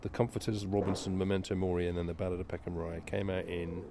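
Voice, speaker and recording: A man's voice: sits low, level tone, quick pace, noisy background. A man co-hosting a podcast, chatting casually and playfully on a walking tour outside on a residential street. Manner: playful, banters and jokes. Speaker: podcast co-host. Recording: recorded outside with street ambience.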